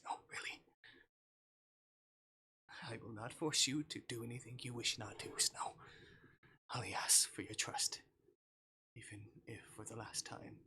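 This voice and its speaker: Casting: whispered role-play, a penitent fae captor, formal hushed delivery, bright airy tone. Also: male voice, medium pitch, vocal fry, breathy edge, heavily acted. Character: remorseful soft-spoken male fae captor.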